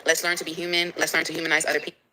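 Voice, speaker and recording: A woman's voice: low voice, little pitch movement, racing, sharp tone, slight background noise, rough recording. A woman with a nasal voice talking casually to viewers on a livestream, emphatic and preachy, repeating herself for effect.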